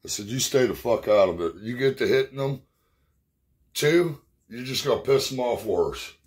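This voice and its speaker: A man's voice: medium pitch, lively intonation, moderate pace, darkish tone, slightly rough. A middle-aged man telling rambling, profane stories from his past in casual talk, sounding short of breath. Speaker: storyteller. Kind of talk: casual spoken memories.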